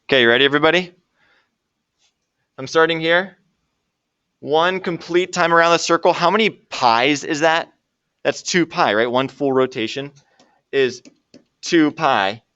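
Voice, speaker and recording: A man's voice: on the high side, unhurried, long pauses, pushed and bright, clean tone, dry recording, dull audio. A man teaching a math lesson to a classroom and joking with his students as he works through problems. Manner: jokey, talks to students while working problems. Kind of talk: classroom lecture.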